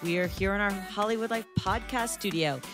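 A woman's voice: mid-range voice, fairly quick, over music. A middle-aged woman hosting a celebrity news podcast in a studio, bubbly and enthusiastic. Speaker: podcast host. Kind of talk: casual chat.

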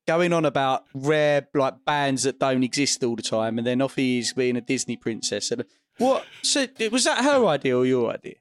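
A man's voice: mid-range voice, big pitch swings, normal speed. A man co-hosting a casual podcast, teasing the others and laughing often.

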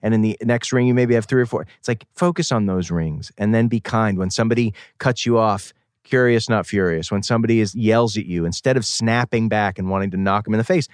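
A man with a Boston accent, a musician guest on a podcast, talking in an animated, rambling and earnest way. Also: lowish voice, fairly quick, clear, resonant tone, no echo, studio quality. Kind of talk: casual podcast chat.

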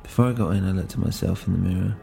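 A man's voice: low-pitched, steady tone, racing, gravelly, dark tone, faint music behind. A man narrating a first-person audio drama in a brooding, introspective way.

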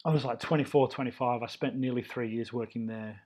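A man's voice: medium pitch, steady tone, fairly quick, darkish tone. An Australian man in his thirties, a chef, chatting in a casual interview and telling stories from his career with open enthusiasm. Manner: enthusiastic, loose storytelling. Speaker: chef, guest.

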